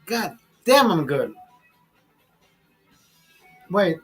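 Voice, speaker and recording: A man's voice: sits high, sing-song, very slow, a bit bright, breathy edge, faint music behind, rough recording. A man hosting his own livestream while drinking, tipsy and boastful, swearing constantly in a crude rant. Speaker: livestream host. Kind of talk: casual profane rant.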